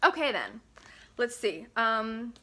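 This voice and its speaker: A woman's voice: a little high, sing-song, takes it slowly, sharp tone, slightly rough. A young woman vlogging in a casual, chatty way, reading her old school papers aloud with giggles and self-mocking asides. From Pennsylvania, US.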